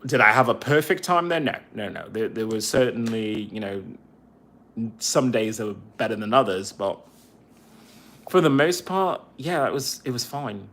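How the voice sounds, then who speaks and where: Halting man venting on a phone. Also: medium pitch, animated, a bit bright. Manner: halting, repeats phrases, venting. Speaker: veteran livestream podcaster. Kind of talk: casual livestream monologue. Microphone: cell phone.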